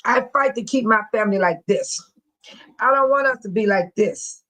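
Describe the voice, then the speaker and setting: An older woman in her sixties, chatting casually with her viewers as a stream host. Her voice sits a little on the high side, and she talks bluntly and tells stories, often breaking into laughter. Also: moderate pace, fairly bright tone, poor audio. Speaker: livestream host speaking to viewers. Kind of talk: casual chat.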